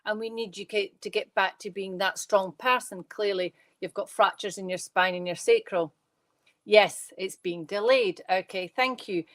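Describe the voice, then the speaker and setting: A Scottish woman giving live psychic readings from her bedroom at home, talking fast and chatty, with rambling restarts. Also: medium pitch, fairly bright tone, no room sound.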